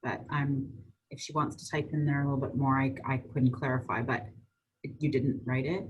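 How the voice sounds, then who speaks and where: A woman moderates an online session, relaying audience questions and giving brief "yeah"s as she goes. Her voice is very low and husky. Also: little pitch movement, moderate pace, poor audio. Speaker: webinar moderator. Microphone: video call.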